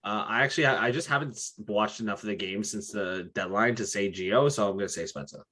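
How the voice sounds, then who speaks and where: A young man co-hosting a podcast, chatting casually about hockey in animated bursts and often tagging his points with "right?". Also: on the low side. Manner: animated, talks in quick bursts with frequent "right?". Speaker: podcast co-host. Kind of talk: casual sports chat.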